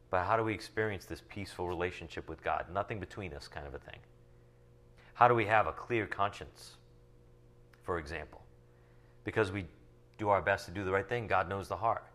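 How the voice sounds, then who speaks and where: A man teaching from the Bible, reading verses slowly and then explaining them in casual asides full of rhetorical questions. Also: low voice, fairly bright tone. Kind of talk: sermon teaching from scripture.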